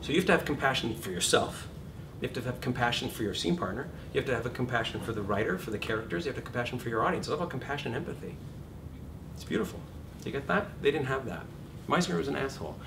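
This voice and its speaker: Middle-aged guy teaching acting, swears a lot, acts stuff out loud, picked up from across the room with a low rumble behind. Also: very fast, gravelly. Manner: animated, profane, acts out shouted examples. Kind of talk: lively lecture to a class. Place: classroom or studio. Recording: distant room recording with background rumble.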